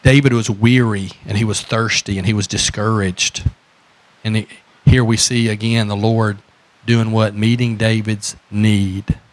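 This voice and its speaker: A man's voice: on the low side, level tone, measured pace. A man with a Southern American accent preaching a sermon as pastor, repeating phrases and asking the congregation questions.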